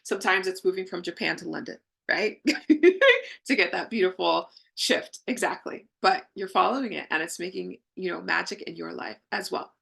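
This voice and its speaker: A woman hosts a live spiritual healing session and speaks straight to the people in her chat. Her voice sits low and has a lot of gravelly fry, with a bright, forward edge. She talks in an effusive, affirming way. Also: fairly even intonation, normal speed.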